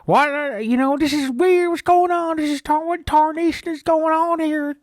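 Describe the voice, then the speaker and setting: A man voicing a loud, nosy rural camper who keeps exclaiming in bafflement. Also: very high-pitched, fairly even intonation, normal speed, dry recording, clean studio sound, voice pushed up. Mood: bewildered, loud. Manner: loud, exclaiming, hick drawl. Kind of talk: improvised podcast storytelling.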